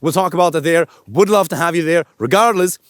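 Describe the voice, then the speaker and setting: A male coach giving an energetic, animated instructional talk to camera outdoors in a park. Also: fairly high pitch, fast, no echo, studio quality. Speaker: dating and voice coach.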